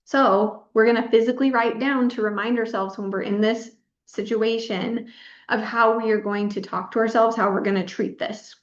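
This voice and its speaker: A woman's voice: fairly high pitch, fairly even intonation, moderate pace. A woman in her thirties giving a workshop as a pelvic health physical therapist, encouraging and repeating words for emphasis. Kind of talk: workshop presentation. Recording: echoey room, dull lo-fi sound.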